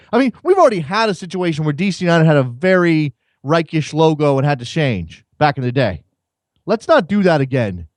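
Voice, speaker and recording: A man's voice: fairly high pitch, no echo. A man hosting a soccer call-in show in a radio studio, chatting casually in a wry, rambling way and often repeating words. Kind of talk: casual chat.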